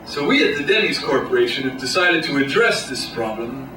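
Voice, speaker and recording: A comedian putting on a smooth corporate marketing man giving a boardroom pitch. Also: big pitch swings, a little fast, close to an everyday voice. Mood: slick. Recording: echoey room, distant mic, noisy.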